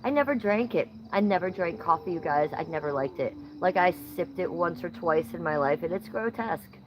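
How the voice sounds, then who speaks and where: A woman's voice: on the low side, animated, fairly quick, rough recording. A woman from Ohio hosting a casual livestream, reading chat comments outdoors at night, blunt and playfully profane. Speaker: livestream host.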